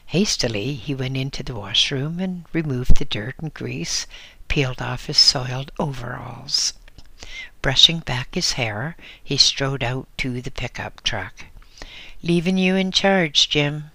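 A male narrator reads a story in a slow, deliberate way. His voice is bright with a gravelly texture. The recording is close and dry. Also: medium pitch, no room sound.

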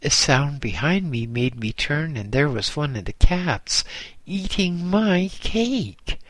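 A man reading a first-person story aloud in a measured, gently wry way. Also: mid-range voice, animated, no echo. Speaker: narrator. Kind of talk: first-person audiobook narration.

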